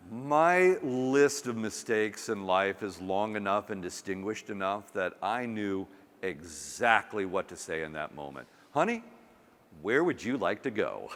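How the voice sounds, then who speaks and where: A man's voice: fairly low pitch, fairly bright tone. A man giving a humorous keynote talk at a conference, telling a story with acted-out quotes. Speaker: conference speaker. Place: conference hall. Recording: long hall reverb.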